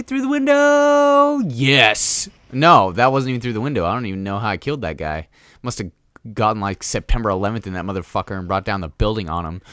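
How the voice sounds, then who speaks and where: A man's voice: lowish voice, a bit bright, dry recording. A young man giving casual, rambling gameplay commentary, joking and crude as he plays. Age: young adult.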